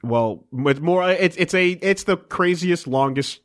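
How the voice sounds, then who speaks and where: A man's voice: on the high side, expressive, unhurried. A young man co-hosting a podcast in casual chat, rambling with many fillers and restarts, swearing freely. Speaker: podcast co-host.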